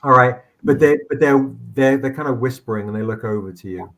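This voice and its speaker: A man's voice: medium pitch, a bit bright. A man narrating as game master in a tabletop game, rambling with frequent restarts. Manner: rambling, halting, many restarts.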